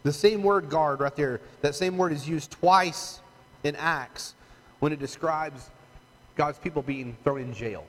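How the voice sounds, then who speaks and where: A man's voice: a little high, unhurried, fairly bright tone. A man preaching a conversational, emphatic sermon as pastor, often asking his listeners "right?". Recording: long hall reverb, faint room noise.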